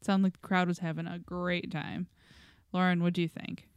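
A woman's voice: on the low side, flat delivery, moderate pace, smooth, no echo, studio quality. A woman co-hosting a podcast, leading the chat into the next segment. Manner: leads segments, laughs easily. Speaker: podcast co-host. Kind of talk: casual chat.

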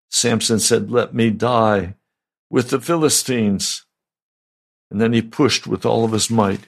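An older man, a pastor, giving a slow, deliberate, conversational sermon. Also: fairly low pitch, gravelly, husky.

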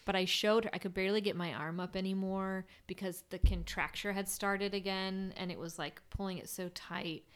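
A woman's voice: medium pitch, fairly even intonation, moderate pace, hardly any pauses, clean tone. A young woman who works as a burn-unit nurse, talking candidly in a casual conversation, rambling with lots of "like.".

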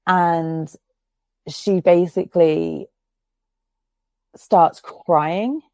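Gravelly, mellow-voiced woman telling a story. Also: fairly low pitch, fairly even intonation, drawn-out words, no echo. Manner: chatty storytelling, filler-heavy, swears freely. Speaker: podcast host. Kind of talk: casual chat.

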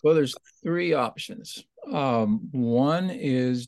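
A man's voice: mid-range voice, measured pace, darkish tone, dry recording. A man teaching in a conversational Bible study discussion, thoughtful and explanatory, often restarting his sentences.

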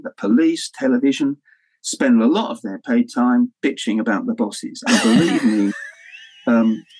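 An older man telling stories as an interview guest, his voice sitting at an ordinary middle pitch. He animates his tales by slipping into the voices of the people he quotes, salting them with the odd swear word and laugh. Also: darkish tone, husky, rough recording. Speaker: author guest. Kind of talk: anecdotal storytelling.

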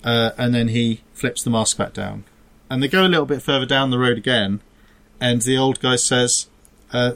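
A man's voice: mid-range voice, steady tone, brisk, a bit bright. A man co-hosting a casual podcast chat. He tells stories in a rambling, self-interrupting way, trailing off and restarting mid-sentence, with a laugh slipping in now and then. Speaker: podcast co-host. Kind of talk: casual chat, joke telling.

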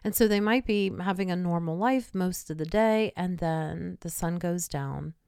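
A woman's voice: lowish voice, moderate pace, gravelly, darkish tone, clear, resonant tone, dry recording, studio quality. A woman podcast host telling personal stories in a chatty way, laughing between them. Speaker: podcast host and intuitive medium. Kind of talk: personal storytelling monologue.

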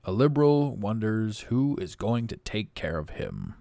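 With a creaky voice and an unhurried pace, a podcast host wanders through a casual monologue, self-amused and laughing frequently. His pitch swings animatedly over a dry recording.

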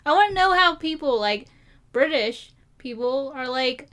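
A woman from Maryland chats casually on her podcast with a bright, fairly high voice. She laughs easily and keeps the banter playful, with a mild American accent. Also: expressive. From Maryland, USA. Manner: giggly, playful, quick asides. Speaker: podcast co-host. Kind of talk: casual chat.

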